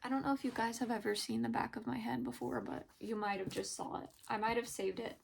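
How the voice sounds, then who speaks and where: A young woman speaks in a halting, emotional way, filling pauses with soft ums as she opens up in a personal vlog. Her voice sits a little high and carries a gravelly edge. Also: fairly even intonation, slight background noise. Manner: hesitant, halting, many pauses and fillers. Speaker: vlogger.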